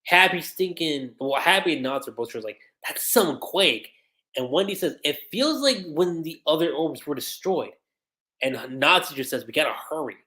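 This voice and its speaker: Lively, animated anime reviewer. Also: mid-range voice, moderate pace. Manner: animated, reads the characters' lines aloud between asides. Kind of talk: casual episode recap on a livestream.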